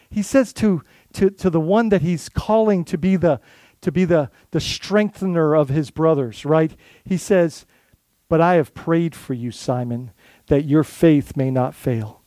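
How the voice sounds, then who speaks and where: A man's voice: high-pitched, mellow, no echo. A man who is a lead pastor, giving an earnest, conversational sermon full of restarts and asides.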